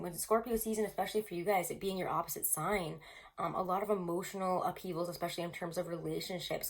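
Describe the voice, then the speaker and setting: A woman giving a casual tarot reading to camera, chatty and rambling, full of fillers, often laughing. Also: fairly low pitch. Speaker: tarot reader.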